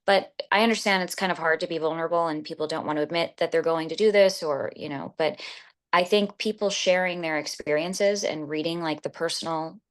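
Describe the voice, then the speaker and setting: A woman's voice: low-pitched, a little fast. A woman giving a casual interview testimonial as a retreat guest, rambling with lots of fillers and restarts.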